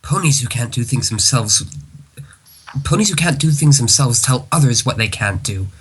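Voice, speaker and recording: A man's voice: mid-range voice, lively intonation, moderate pace, a bit bright, slight background noise, close to an everyday voice. Twilight Sparkle, read by a man. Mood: defiant. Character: earnest young female unicorn heroine. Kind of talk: reading a comic aloud in character.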